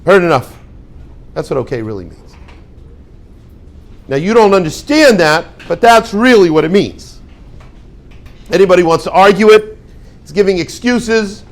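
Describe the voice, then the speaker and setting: A man teaching a class as a rabbi, with a fairly high voice that swings widely up and down. He acts out small everyday exchanges in quoted voices and throws questions at his students. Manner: animated, acts out little dialogues in quoted voices. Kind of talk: lively classroom talk.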